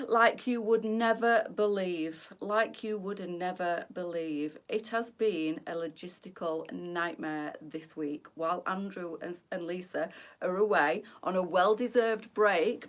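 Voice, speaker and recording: A middle-aged woman, chatting casually through a live boutique sale, rambling and laughing often. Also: medium pitch. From England. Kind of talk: chatty live-stream sales talk.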